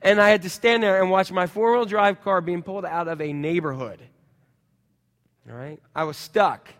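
A middle-aged man preaching a sermon as pastor, telling personal stories in a lively way with sound effects. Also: sits high, moderate pace, in a large hall.

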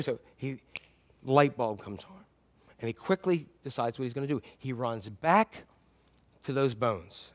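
A man's voice: medium pitch, expressive, a little slow, long pauses. A male pastor telling stories in a sermon, acting out the animals in the tale. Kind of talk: sermon storytelling.

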